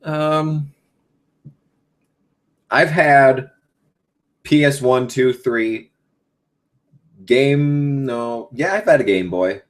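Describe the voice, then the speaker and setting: A man's voice: medium pitch, extremely slow, long pauses. A young man in his late teens hosting a casual live Q&A as a gaming YouTuber. He rambles with lots of ums and swears freely.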